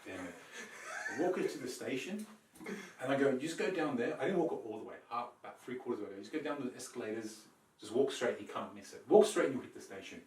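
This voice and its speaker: Man, podcast storyteller, animated, swears a lot, roomy echo, distant mic. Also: mid-range voice, fast talker. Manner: animated, swearing, acts out quoted lines. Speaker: podcast co-host. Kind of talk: casual storytelling chat.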